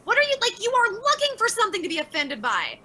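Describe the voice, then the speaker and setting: High, lively, sharp-voiced woman streamer. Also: quick pace, poor audio. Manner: blunt, profane and exasperated. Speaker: livestreamer reading chat. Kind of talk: casual livestream chat.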